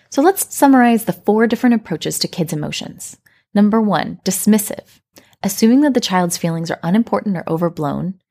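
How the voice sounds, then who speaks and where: A woman hosting a parenting podcast, telling a story and explaining in a calm, reflective scripted way. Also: medium pitch, slightly rough. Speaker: podcast host.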